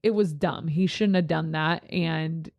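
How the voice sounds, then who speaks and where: A woman youth pastor chatting casually, telling lively stories and jumping into high voices when she quotes people. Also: a little slow, gravelly, muffled recording. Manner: animated storyteller, jumps into high voices when quoting others. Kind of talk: casual podcast chat.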